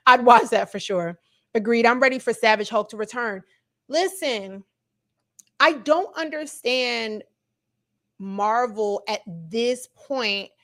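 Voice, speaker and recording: A woman hosting a casual livestream from her computer at home, talking straight to her viewers. Her voice sits a little high, and she is chatty and animated and laughs easily. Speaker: livestream host. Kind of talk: casual livestream reaction chat.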